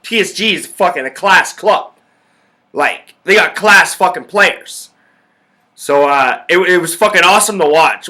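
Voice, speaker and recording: Young guy ranting about football, swears a ton, bright sharp voice. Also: a little high. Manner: profane, ranting, fired up. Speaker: podcast host. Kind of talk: casual sports talk.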